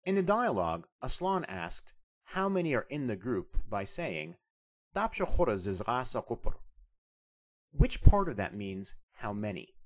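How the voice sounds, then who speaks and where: A man's voice: mid-range voice, very animated, measured pace. A man teaching a beginners' language lesson, asking questions and then repeating each answer twice, patiently.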